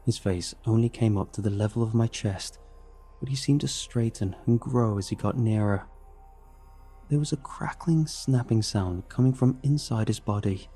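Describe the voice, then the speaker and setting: A man narrating a horror story in a steady, dramatic scripted reading. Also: on the low side, normal speed, slightly rough, soft background music.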